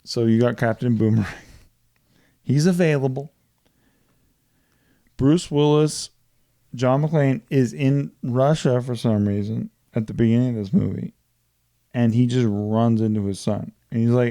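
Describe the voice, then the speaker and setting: Man, casual podcast chat, profane, animated storytelling, mid pitch, mellow dark tone, dry sound. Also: unhurried, long pauses, dry recording. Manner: profane, animated retelling of movie plots. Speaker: podcast co-host.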